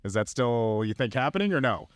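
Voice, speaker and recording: A man's voice: mid-range voice, sing-song, brisk, dry recording, studio quality. A man hosting a podcast in casual chat, enthusiastic and chatty. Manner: enthusiastic, chatty, laughs easily. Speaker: podcast host.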